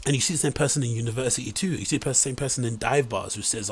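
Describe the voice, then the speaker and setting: A man talks through a reaction commentary, rambling and incredulous. His voice has a husky edge, and his delivery swings into mock enthusiasm. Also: mid-range voice, very fast, few pauses. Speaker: commentary host.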